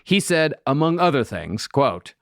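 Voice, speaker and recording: A man hosting a podcast, narrating a true crime story in a steady storytelling way with dry asides. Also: medium pitch, a little slow, creaky, dry recording.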